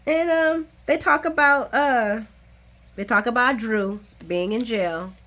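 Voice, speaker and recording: A woman giving a chatty, casual recap of soap episodes, laughing often and swinging from low muttered asides to high excited exclamations. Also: takes it slowly. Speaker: soap opera recap vlogger.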